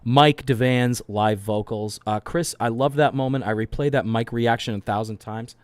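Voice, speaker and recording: A man with a mid-pitched voice, rambling through casual commentary with plenty of swearing and restarts. The recording is dry and close, with no room sound. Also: normal speed, smooth, no room sound.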